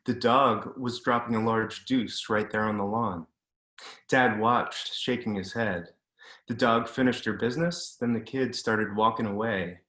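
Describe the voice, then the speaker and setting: A man, an author, reading his fiction aloud in a measured, deliberate way over a video call from a room at home. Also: fairly low pitch, a bit bright. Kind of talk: literary reading. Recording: roomy echo.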